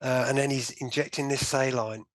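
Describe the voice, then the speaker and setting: Guest voice: man, lively storyteller who acts out the remarks, dry close sound. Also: mid-range voice, fairly quick, dry recording. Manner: animated storytelling, acting out his own and doctors' remarks, many "you know" fillers. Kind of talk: personal story in a conversational interview.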